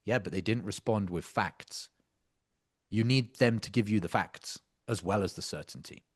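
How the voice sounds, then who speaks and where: A man's voice: lowish voice, normal speed. A man coaching sales closers, breaking down a practice call in an emphatic, intense way with casual swearing.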